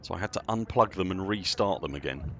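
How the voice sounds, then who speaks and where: Excitable man streaming a game. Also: deep voice, fast talker, a little hiss or hum. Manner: chatty and excitable, laughs often, self-deprecating. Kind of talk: casual live-stream chat.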